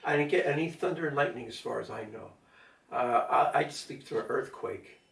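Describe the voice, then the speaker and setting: A man's voice: medium pitch, moderate pace, creaky, fairly bright tone. Older man rambling at home. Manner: rambling, many fillers and asides to his cat. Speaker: vlogger. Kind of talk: casual rambling monologue. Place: at home during a power outage. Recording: roomy echo, mic at a distance.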